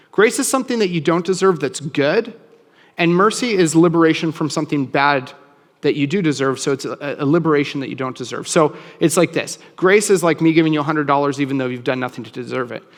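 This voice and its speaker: A man's voice: fairly high pitch, brisk, in a large hall. A man preaching a sermon as a pastor, in a casual, conversational way with frequent restarts.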